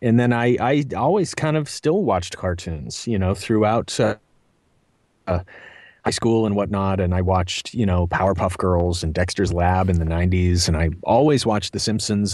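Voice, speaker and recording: A man's voice: low-pitched, normal speed, a little mellow, dry recording, clean studio sound. A man in his thirties, a voice actor answering interview questions in a rambling, self-deprecating way with many fillers. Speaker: voice actor guest. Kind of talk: casual interview chat.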